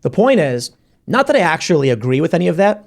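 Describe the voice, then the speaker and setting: A man hosting a podcast panel, arguing his points in a casual debate with quick bursts. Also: on the high side, sing-song, vocal fry. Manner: argumentative, rapid bursts. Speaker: podcast host.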